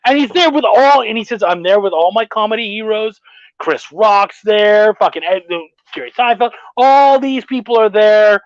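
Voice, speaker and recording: A middle-aged man hosting a podcast, telling stories in a profane, animated casual chat. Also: sits high, moderate pace, dry recording. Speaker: podcast host. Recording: dull dry lo-fi sound.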